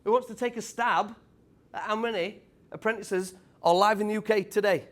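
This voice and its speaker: A British man in his thirties, a former tradesman giving an energetic motivational talk to a live audience and quizzing the crowd. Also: high-pitched, normal speed. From United Kingdom. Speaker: speaker at a property event.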